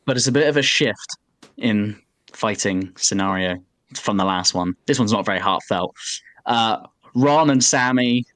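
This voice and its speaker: A man retelling a story on a podcast. His delivery is animated and loose, with frequent swearing and a steady stream of "like" fillers. The recording is dry and close, with no room sound. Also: lowish voice, a little slow, no room sound. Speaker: podcast co-host. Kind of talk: casual chat.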